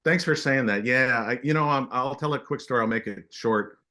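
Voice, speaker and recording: A middle-aged man telling stories as a guest in a casual interview, animated and halting with frequent restarts. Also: mid-range voice. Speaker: guest artist.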